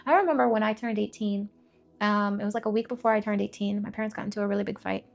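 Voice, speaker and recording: A woman in her twenties frankly sharing a personal faith testimony to camera, emotional and direct, with quick asides and repeated phrases. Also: mid-range voice, fairly even intonation, gravelly. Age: 20s. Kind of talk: candid personal testimony vlog.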